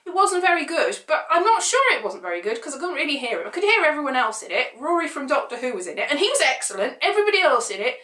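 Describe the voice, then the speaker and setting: A woman's voice: high voice, big pitch swings, fast talker, few pauses, sharp tone, echoey room. A woman chatting casually to camera, rambling through opinionated points with sarcastic asides. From United Kingdom. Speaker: vlogger.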